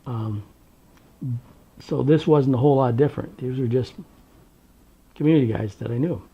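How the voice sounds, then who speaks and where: A man from Washington state tells his memories for an oral history, wry and unhurried, pausing on ums and uhs. His voice is husky with a gravelly rasp at mid pitch. The recording sounds dull and lo-fi. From Tri-Cities, Washington, USA. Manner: unhurried, wry storytelling with many fillers.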